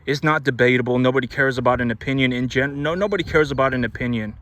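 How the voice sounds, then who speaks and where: A man's voice: medium pitch, fast, a bit bright. A man, a cattle rancher, speaking in a blunt, lecturing monologue, repeating himself and restarting often. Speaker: cattle rancher and business owner. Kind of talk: casual monologue to camera.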